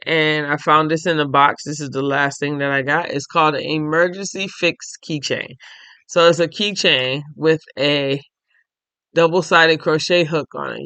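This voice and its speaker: Tired chatty man, slightly high voice. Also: pushed and bright, clean tone, no echo. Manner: chatty, thinks aloud, addresses viewers directly. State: tired, yawning. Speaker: crochet and knitting podcast host. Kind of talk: casual show-and-tell chat.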